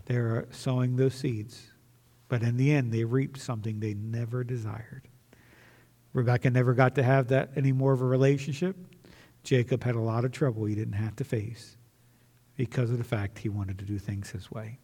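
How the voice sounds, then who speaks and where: A man's voice: medium pitch, flat delivery, normal speed, dark tone, long reverb tail. A man preaching earnestly as a pastor, repeating key phrases and restarting mid-sentence. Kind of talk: sermon and closing prayer. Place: church sanctuary.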